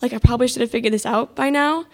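A woman's voice: fairly high pitch, rapid-fire, a little mellow. A teenage girl telling a personal story in an exasperated, sarcastic, self-mocking way. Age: mid-teens.

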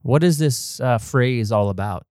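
A man hosting a podcast in a measured, gently humorous way who often answers with a quick yes. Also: medium pitch, lively intonation, no room sound, studio quality. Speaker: podcast host, religious brother. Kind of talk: casual chat, hosting.

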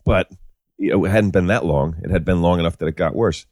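A man's voice: low voice, fairly quick, a little mellow, no room sound, clean studio sound. A man who is a guest on a podcast, chatting casually and chiming in with profane jokes. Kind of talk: casual chat.

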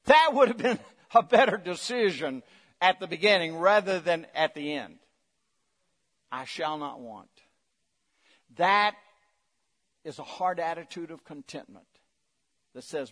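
A middle-aged male pastor preaching a sermon, swinging between loud emphatic lines and quiet low asides, coaxing the congregation to respond. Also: measured pace, long pauses, big-room sound. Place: church sanctuary.

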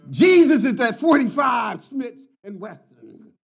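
A man's voice: very high voice, big pitch swings, measured pace, vocal fry, a bit bright, slightly rough. A man preaching a sermon, telling stories and stressing his points by repeating words, and chuckling as he tells them. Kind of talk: sermon with storytelling.

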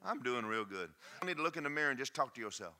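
Fiery preacher, bright and forceful. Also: male voice, mid-range voice, big pitch swings, racing. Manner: emphatic, shouting preacher with folksy humor. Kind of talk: sermon.

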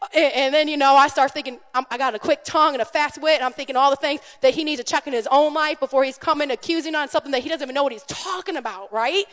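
A high-pitched woman pastor preaches in an easy, conversational way, telling lively stories and calling out to her congregation. Her voice carries a long reverb from the church sanctuary. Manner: animated storytelling, calls out to the congregation. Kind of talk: conversational sermon.

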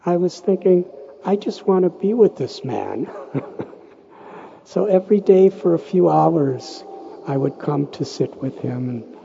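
A man from the United States gives a storytelling lecture, speaking very slowly in a deeply mellow, dark voice that sits a little high. His telling is gentle and unhurried and swells into emotional, raised quoted speech. The recording is dull and lo-fi, with a faint hiss behind him. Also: expressive, creaky. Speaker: monk lecturer.

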